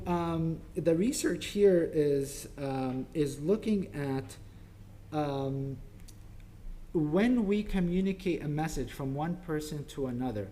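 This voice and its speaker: A man giving an informal parenting talk at a church, halting with many ums and restarts, dropping softly into quoted voices. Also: on the high side, a little hiss or hum.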